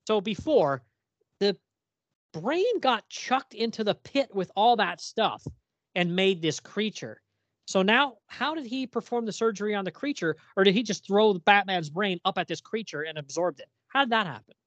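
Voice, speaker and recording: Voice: mid-range voice, lively intonation, moderate pace, a bit bright, no room sound, lo-fi sound. A podcast co-host in casual chat, reading comic captions aloud and asking puzzled questions about the plot.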